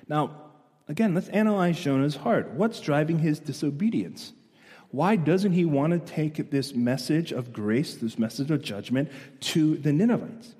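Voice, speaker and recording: A male pastor preaching a sermon, animated and storytelling, asking his listeners questions, in a church hall. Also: a little high. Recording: long echo of a large hall.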